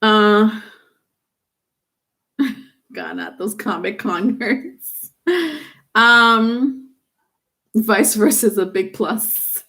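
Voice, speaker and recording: A woman's voice: mid-range voice, extremely slow, long pauses, bright, forceful tone. A woman giving a live-streamed tarot reading, rambling with many fillers and restarts. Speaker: tarot reader.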